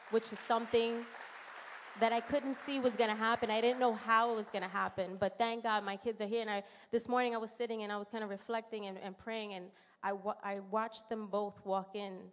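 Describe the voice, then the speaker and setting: A woman in her thirties with a New York accent, giving an earnest, emotional personal testimony in church. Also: medium pitch. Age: 30s. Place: church sanctuary. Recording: long hall reverb in church.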